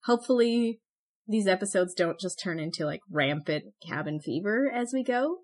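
A woman co-hosting a podcast in casual, joking chat who laughs often and turns brisk when going through history notes. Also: mid-range voice, lively intonation, a little mellow. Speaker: podcast co-host.

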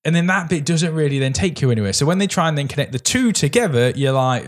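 A man's voice: on the high side, animated, fast. Rambling man reviewing a film. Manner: rambling, frequent restarts and hesitations. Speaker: podcast co-host. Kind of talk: casual film review chat.

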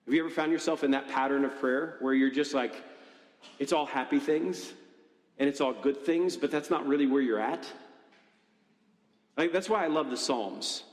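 A man preaching a sermon in a conversational, animated way, often checking in with the congregation. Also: medium pitch, moderate pace, long pauses. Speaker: pastor. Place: church hall. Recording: echoey hall with long reverb.

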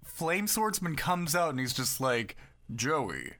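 Higher-voiced man, deadpan podcast co-host. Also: unhurried. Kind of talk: casual chat.

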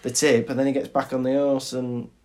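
A man's voice: mid-range voice, brisk. A man, co-hosting a podcast in casual chat and telling stories with lots of laughter. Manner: animated storyteller, laughs often. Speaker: podcast co-host.

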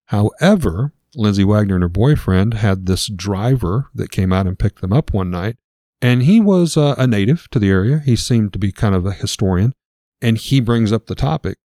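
A man's voice: lowish voice, expressive, moderate pace, dark tone, dry recording, studio quality. A man casually retelling a ghost story as a podcast host, with lots of filler words.

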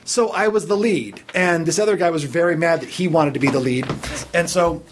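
A man's voice: on the high side, normal speed, slight background noise. A man casually telling stories as a podcast guest, acting out the voices of the people in them. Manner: animated storyteller, acts out quoted voices. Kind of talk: casual storytelling chat.

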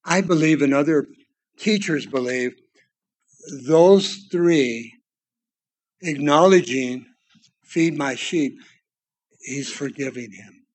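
A man preaching a sermon, swinging between loud exclamations and hushed, quiet passages. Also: fairly high pitch, slow pace, pauses often. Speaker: pastor.

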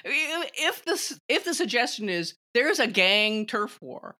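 A woman with a bright, forward voice talks about films in a relaxed conversation. She is opinionated and animated, laughing often as she makes her case. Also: on the high side, measured pace. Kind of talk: casual film discussion.

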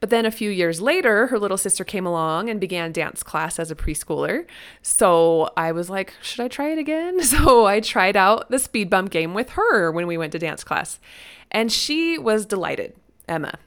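A middle-aged woman telling a personal story about her childhood and her own children. She talks casually and jumps into high, loud voices when she quotes herself and her daughters. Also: normal speed, smooth. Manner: animated, acts out voices with sudden high-pitched quotes.

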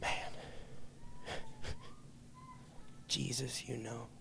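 A middle-aged male pastor preaching a sermon with passionate storytelling, swinging from hushed asides to loud emphasis. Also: mid-range voice, drawn-out words, gravelly, a little hiss or hum.

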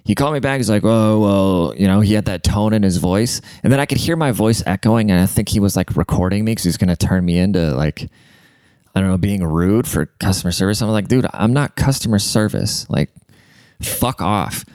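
A man's voice: lowish voice, fast talker, a little mellow, dry recording. A young man telling rambling, profane stories in a laid-back, slangy way, like a podcast host chatting casually. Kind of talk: casual storytelling rant.

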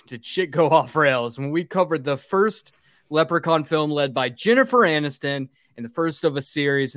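A man's voice: on the high side, fairly bright tone, no echo, clean studio sound. A man hosting a casual podcast, swearing freely and getting drunk as he talks. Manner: profane, rowdy and joking. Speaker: podcast host.

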